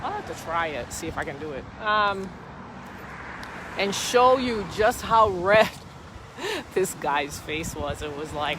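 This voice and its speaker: A woman's voice: lowish voice, lively intonation, slow pace. A woman talking on a casual live stream from a phone, outdoors by a street, in a rambling, repetitive, emphatic way. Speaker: livestreamer at a street protest. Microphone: phone camera held by the speaker. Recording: outdoor phone video with traffic and wind noise.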